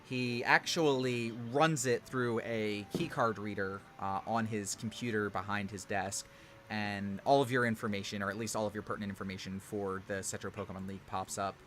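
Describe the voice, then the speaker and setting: Guy running a tabletop game, bright voice, rambles with lots of likes and ums. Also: lowish voice, moderate pace, a little hiss or hum. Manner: rambling, animated narration with fillers. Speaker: game master.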